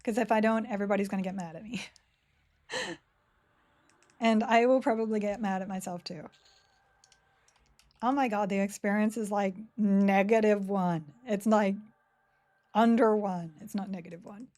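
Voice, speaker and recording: A woman's voice: medium pitch, steady tone, moderate pace, long pauses, a little mellow. A woman chatting casually and giggling as she streams a game and reads chat. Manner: chatty, giggly, self-mocking. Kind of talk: casual live-stream chat while playing.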